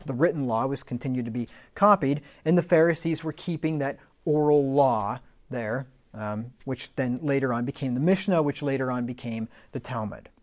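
A man's voice: medium pitch, normal speed. Man teaching, reading scripture with emphasis. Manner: reads scripture aloud with rising emphasis, plain asides between. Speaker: Bible teacher.

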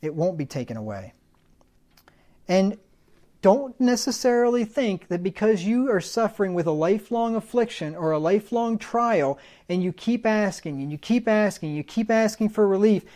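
A man's voice: high-pitched, expressive, normal speed, mellow. Guy preaching a sermon, chatty folksy bible teacher, explains words, jokes around a bit. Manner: conversational teaching, defines words, folksy humorous asides.

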